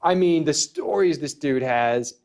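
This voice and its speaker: A man's voice: fairly high pitch, lively intonation, measured pace, a little mellow. A man guesting on a podcast, telling stories in an enthusiastic, rambling way with frequent restarts and casual swearing. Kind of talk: casual storytelling interview.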